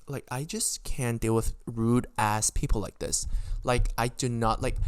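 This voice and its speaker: A young man hosting a podcast, telling a story in an animated, swearing monologue full of sudden indignant jumps in pitch. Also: a little slow, no echo, studio quality. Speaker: podcast host.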